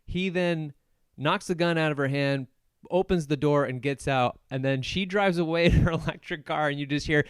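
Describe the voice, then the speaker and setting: A man hosting a podcast alone, casually recapping a film with jokes, laughs and quick put-on voices for the characters. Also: a little high, clear, resonant tone, no room sound, studio quality. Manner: joking, acts out movie characters in quick voices; laughs often while retelling. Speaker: podcast host. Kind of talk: solo casual movie recap.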